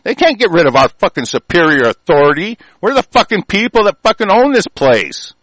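A man's voice: high voice, sing-song, brisk, dry recording, rough recording. A man delivering an angry, profane rant, cursing constantly and stammering over repeated words. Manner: shouting, cursing, stammering repetitions. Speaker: ranting commentator.

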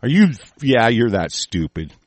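A man's voice: medium pitch, big pitch swings, a little slow, dry recording. A man from the United States hosting a show, angrily swearing and ranting about the news and stumbling as he reads headlines aloud. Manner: angry, swearing, shouting insults. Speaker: host. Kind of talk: profane ranting commentary on news.

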